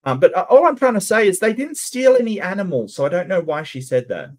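A man's voice: sits high, big pitch swings, quick pace. A man casually commentating on a cartoon and answering his chat, stumbling over many repeated starts.

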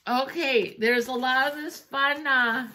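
Middle-aged woman, chatty home vlogger, bright higher voice, gushing and warmly emotional. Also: steady tone, measured pace, a little hiss or hum. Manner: chatty, gushing and easily moved, with many fillers. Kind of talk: casual chat.

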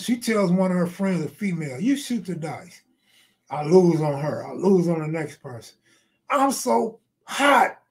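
A middle-aged man hosts a live stream, freestyling rambling anecdotes full of slang and cursing. He breaks off mid-story to answer viewers, and his voice sits a bit high for a man. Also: a little mellow.

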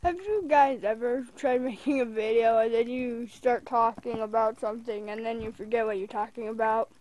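A woman hosting a gaming video from a bed at home, rambling in casual let's play commentary and quick to get annoyed. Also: a little high, darkish tone.

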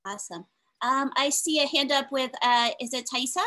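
A woman's voice: sits high, normal speed, bright, forceful tone. A woman teacher moderating a panel on a video call, upbeat and chatty.

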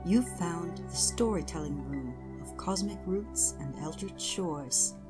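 A woman host giving a slow, inviting scripted welcome. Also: on the low side, lively intonation. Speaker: podcast host. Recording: distant voice over clear music.

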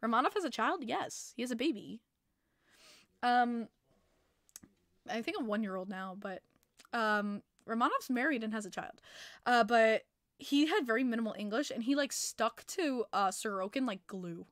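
A woman hosting a casual hockey podcast livestream, excitable, laughing often and swearing freely as she reads chat messages. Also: on the high side, normal speed, no echo. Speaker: podcast host.

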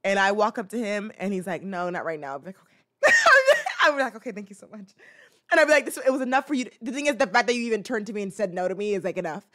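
A woman's voice: mid-range voice, rapid-fire, hardly any pauses, fairly bright tone. A woman hosting a casual reaction chat, rambling with plenty of fillers and restarts and acting out little scenes. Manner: playful, acts out little scenes. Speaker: host.

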